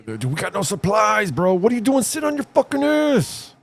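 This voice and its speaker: Profane, animated man streaming a game. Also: sits high, fairly quick, creaky. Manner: profane, rambling, animated storytelling. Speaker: gaming streamer. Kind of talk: casual live gameplay commentary.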